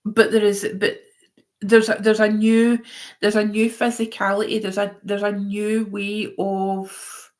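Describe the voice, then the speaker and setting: A woman's voice: mid-range voice, level tone, measured pace. A woman giving a live-stream tarot reading in a chatty, rambling way, often going off on tangents. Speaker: tarot reader.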